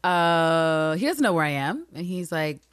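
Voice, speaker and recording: A woman co-hosting a casual show recap, animated and profane, acting out the characters as she retells scenes. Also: on the low side, a little fast. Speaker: podcast co-host.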